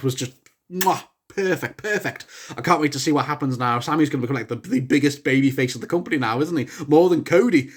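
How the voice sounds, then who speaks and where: A young man giving a casual spoken review of a wrestling show, rambling with many restarts and breaking into excited shouts. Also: a little high. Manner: excitable, bursts into shouts at big moments.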